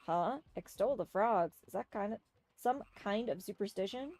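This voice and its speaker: A woman's voice: mid-range voice, moderate pace, darkish tone, dry recording, natural voice. A woman voicing a brash boy adventurer who protests indignantly.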